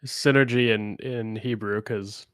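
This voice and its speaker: A man in a book club chat, playful and quick to laugh. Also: on the low side, fairly even intonation, clear, resonant tone, no room sound, studio quality. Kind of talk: casual group chat.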